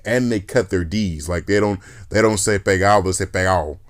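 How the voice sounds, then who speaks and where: A man hosting a podcast in casual chat, telling stories in an animated, joking, profane way. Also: on the low side, moderate pace. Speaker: podcast host.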